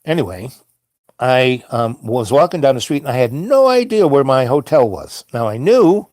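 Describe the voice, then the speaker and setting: A middle-aged man tells a wandering, anecdotal story, stumbling over restarts and filler words. His voice sits a touch high for a man. The recording is close and dry, with no room sound. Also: a little mellow, dry recording. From New York. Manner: meandering, many fillers and restarts. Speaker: host. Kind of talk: rambling storytelling monologue.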